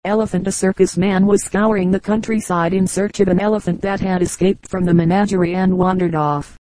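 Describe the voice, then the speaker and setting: Lady reading old joke book aloud, dark mellow voice, dry close mic. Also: mid-range voice, steady tone, a little fast, no echo, poor audio. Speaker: audiobook reader. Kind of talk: scripted narration of a joke book.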